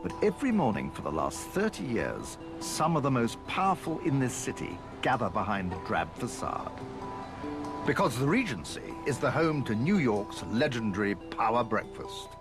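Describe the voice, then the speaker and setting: An English presenter narrates a documentary in a measured, wry voice. His pitch swings widely from phrase to phrase. Music plays clearly underneath him. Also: sing-song. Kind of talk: scripted voice-over narration.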